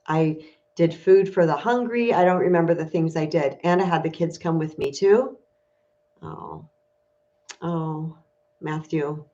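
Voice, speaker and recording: Woman spiritual coach, confessional livestream delivery, lowish voice, muffled webcam sound. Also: normal speed, warm tone. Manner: candid, emotional, confessional. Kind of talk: casual livestream talk to viewers. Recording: dull lo-fi stream audio.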